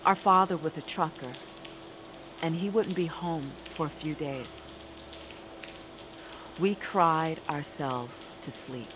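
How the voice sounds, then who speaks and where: A woman performing a spoken-word story with a deliberate, dramatic delivery and rhythmic repetition. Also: low-pitched, background noise.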